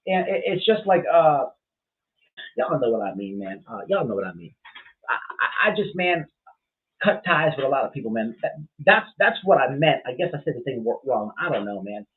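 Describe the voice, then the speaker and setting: A man's voice: mid-range voice, very animated, moderate pace. A man hosting a casual livestream, rambling bluntly and with profanity as he reacts to chat, full of fillers and restarts. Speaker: livestream host. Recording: tinny phone-like sound.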